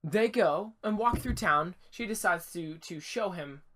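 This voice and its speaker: A man co-hosting a podcast, retelling a story in casual chat with an animated, rambling delivery full of restarts and asides, recorded in an attic. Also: high voice, measured pace, crowd noise. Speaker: podcast co-host.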